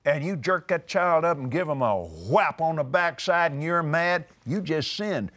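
Animated, emphatic older preacher man. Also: fairly high pitch, a little slow, hardly any pauses. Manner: animated and emphatic, repeating words for force. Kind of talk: conversational teaching.

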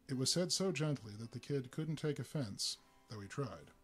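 A man giving a live reading of a story, relaxed, with small slips and fillers. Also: medium pitch, moderate pace, breathy edge, faint music behind. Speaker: reader.

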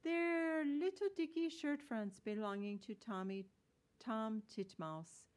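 A woman's voice: fairly high pitch, slow pace, pitched above the performer's own voice. Storybook hedgehog washerwoman, female, fussy and deferential, old-fashioned country speech, read by a woman. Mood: eager, polite.

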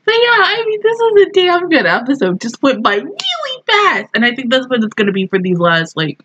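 A young woman talks through her reaction to an anime episode. Her voice is bright and sits fairly high, and her pitch swings widely as she exclaims, swears and laughs through her casual commentary. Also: huge pitch swings, fairly quick, lo-fi sound, slight background noise.

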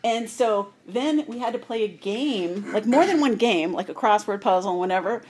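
Woman guest, chatty storyteller with laughing asides, average pitch. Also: lively intonation, moderate pace, darkish tone. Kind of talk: casual anecdote.

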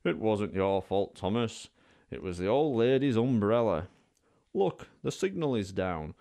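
A man voicing a kindly grown-up railway guard who speaks calmly. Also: lowish voice, unhurried, creaky, voice pushed down, full character voice. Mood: reassuring.

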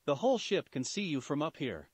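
Man as a cocky, crude teen kunoichi, taunting, fairly high voice. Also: big pitch swings, fairly quick, slightly rough, dry recording. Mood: teasing. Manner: mocking, brash. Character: brash crude red-haired teenage kunoichi.

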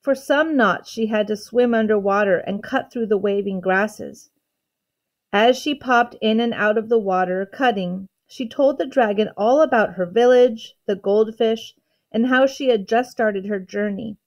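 A woman teacher reading a children's novel aloud, narrating in a calm, measured way. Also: mid-range voice, muffled recording. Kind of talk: storybook read-aloud.

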